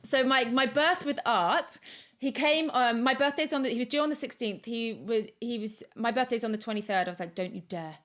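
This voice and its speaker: A woman in her thirties, a podcast guest recorded remotely from home, telling a story in a chatty, animated way full of restarts and acted-out quotes. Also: fairly high pitch, brisk. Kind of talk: casual storytelling.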